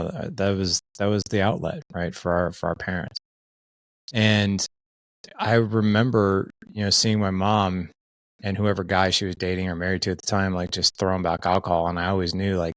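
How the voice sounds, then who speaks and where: A middle-aged man, a podcast guest, telling stories in an earnest, animated way with plenty of filler words. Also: fairly low pitch, no echo. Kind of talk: casual conversation.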